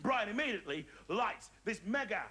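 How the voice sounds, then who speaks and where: High-voiced man telling stand-up stories. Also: normal speed, noisy background. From English Midlands. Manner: animated, slipping into voices. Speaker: stand-up comedian. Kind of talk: stand-up storytelling.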